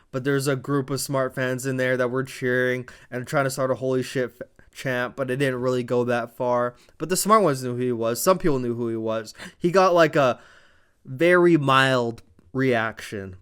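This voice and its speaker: A man's voice: mid-range voice, smooth. A man recapping a wrestling show in casual commentary, retelling it like a dramatic story with profane asides.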